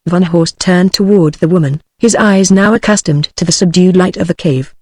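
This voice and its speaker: A woman's voice: on the low side, moderate pace, darkish tone, no room sound. Synthetic British woman narrating a novel. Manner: evenly read synthetic delivery. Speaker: audiobook narrator. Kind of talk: scripted narration. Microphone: studio-clean synthetic audio.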